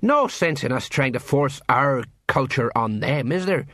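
A man's voice: mid-range voice, expressive, a little slow, a bit bright, no echo, clean studio sound. A man voicing a nervous, miserable middle-aged male sergeant of the watch who hesitates and hems. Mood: hesitant.

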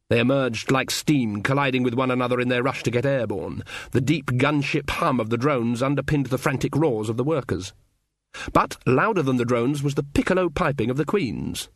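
A man narrating a fantasy audiobook in a measured, even storytelling manner, recorded close. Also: mid-range voice, no echo. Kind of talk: scripted narration.

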